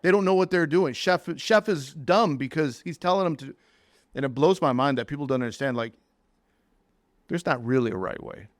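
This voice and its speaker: A man's voice: on the high side, moderate pace, no room sound, studio quality. A man hosting a podcast, giving blunt, emphatic opinions in casual conversation. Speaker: podcast host.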